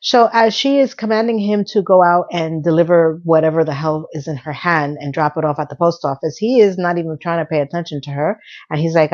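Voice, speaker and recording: A woman's voice: on the low side, fairly quick, a little mellow. A woman casually recapping a TV episode, briefly acting out the characters' lines as she goes. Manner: chatty, acts out quotes in passing. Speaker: recap host. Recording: dull lo-fi sound.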